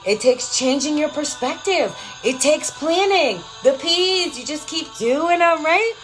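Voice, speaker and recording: High-pitched woman live streaming pep talk, swears a lot, repeats stuff, calls everyone girl and love, faint music in back. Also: animated, a little slow, rough recording. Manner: emphatic, swears freely, repeats phrases for effect. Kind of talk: casual live stream chat, reading comments.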